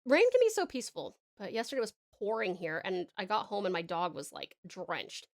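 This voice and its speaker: A woman's voice: mid-range voice, big pitch swings, brisk. A young Australian woman with an Australian accent, chatting casually on a live stream, reading chat aloud and laughing often.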